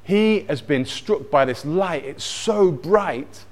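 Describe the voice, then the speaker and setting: A man with a fairly high voice tells a Bible story. He is animated and lively, and his delivery moves between quick asides and slow, dramatic moments. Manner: animated, with acted-out moments and personal anecdotes. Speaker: speaker retelling a Bible story.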